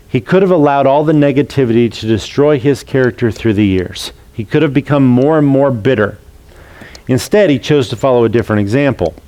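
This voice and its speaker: A man preaching a sermon who retells a scripture story and acts out its characters' voices in a lively way. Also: medium pitch, fairly quick. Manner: storytelling, acting out quoted voices. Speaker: pastor.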